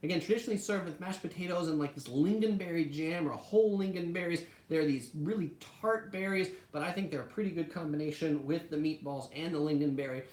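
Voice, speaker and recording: A woman's voice: low voice, fairly quick, hardly any pauses, darkish tone, echoey room. A woman hosting a casual live stream about food, chatty and full of "like" fillers. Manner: chatty, heavy use of "like" fillers. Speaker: travel channel host.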